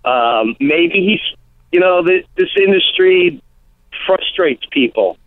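A comedian in a casual radio interview, telling animated stories and acting out quotes. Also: male voice, high voice, slow, no echo. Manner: animated storytelling, acts out quotes. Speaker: comedian guest. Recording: tinny phone-line sound.

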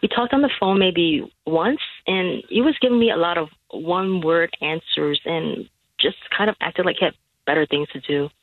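A woman calling in to a radio show, talking in a hesitant, halting way with many restarts, heard over the phone. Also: on the low side, no echo. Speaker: radio caller. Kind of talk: phone-in chat. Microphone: telephone. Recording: tinny phone line.

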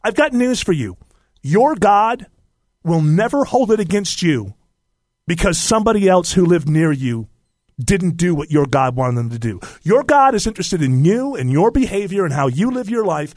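A man's voice: sits high, very animated, moderate pace, darkish tone, dry recording, clean studio sound. A man hosting a talk podcast, talking with passion and preaching his opinions with strong emphasis. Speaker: host.

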